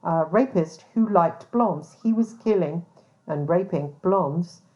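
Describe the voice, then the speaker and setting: A woman's voice: fairly low pitch, slow, warm tone. A woman hosting a podcast, talking bluntly in a casual monologue, with lots of swearing, "um"s and restarts. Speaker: podcast host, private investigator. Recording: dull lo-fi sound.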